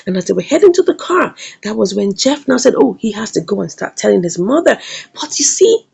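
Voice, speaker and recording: A woman retelling the plot of a drama episode in a lively storytelling way, leaning on "now said" and "you know" as she goes. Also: medium pitch, a little fast, gravelly, husky. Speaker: series reviewer.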